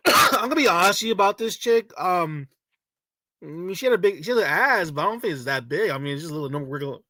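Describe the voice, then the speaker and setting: High, bright-voiced mocking co-host. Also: male voice, expressive, brisk, long pauses, no echo, studio quality. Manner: mocking, repetitive exclamations. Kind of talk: casual reaction commentary.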